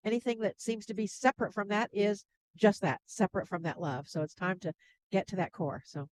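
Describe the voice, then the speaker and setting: A woman guest who works as a spiritual channel, speaking gently and laughing softly between thoughts. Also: medium pitch, expressive, brisk, slight background noise, low-quality recording. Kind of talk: casual interview chat.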